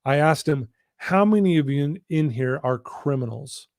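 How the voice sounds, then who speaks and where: A man's voice: fairly high pitch, expressive, darkish tone, no room sound, clean studio sound. A man, a personal-development coach, telling a story as a guest in a live interview, leaning hard on key lines. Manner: earnest, drawn-out emphasis on key lines.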